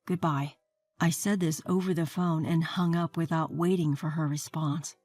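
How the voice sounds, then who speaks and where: A woman's voice: deep voice, steady tone, normal speed, darkish tone. A woman in her forties narrating her own story in a wry, fed-up first-person way. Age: 40s.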